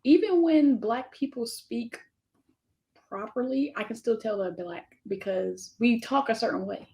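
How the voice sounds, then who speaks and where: Chatty woman interviewer, fairly high voice. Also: a little slow. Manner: relaxed and chatty, laughs often. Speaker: interviewer, channel host. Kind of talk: casual interview chat.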